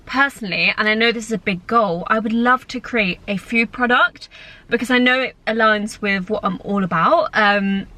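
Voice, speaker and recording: A woman's voice: a little high, moderate pace, pushed and bright. A woman in her twenties, an influencer chatting casually and self-mockingly to her viewers from inside her car. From United Kingdom. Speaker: lifestyle influencer. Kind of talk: casual chat to camera. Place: inside a car at a drive-thru.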